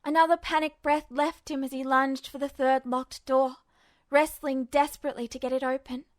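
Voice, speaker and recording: High-voiced woman reading fanfiction. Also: little pitch movement, moderate pace, dry recording. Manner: tense, emotional storytelling. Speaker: podfic reader. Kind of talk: scripted narration of fanfiction.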